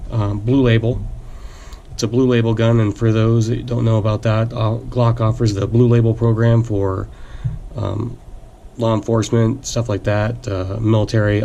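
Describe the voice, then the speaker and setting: A man hosting his own channel, slightly hoarse as he is losing his voice, talking casually about a product with plenty of fillers and restarts. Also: lowish voice, a little hiss or hum. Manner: relaxed, rambling with fillers and restarts. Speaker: gun channel host. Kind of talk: casual product talk to camera.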